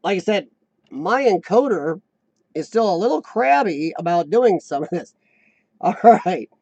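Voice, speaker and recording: A man's voice: sits high, very animated, unhurried, darkish tone, husky, no room sound, muffled recording. An American man hosting a casual live stream, chatting loosely with viewers and reading their comments aloud. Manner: chatty, rambling, reads chat aloud.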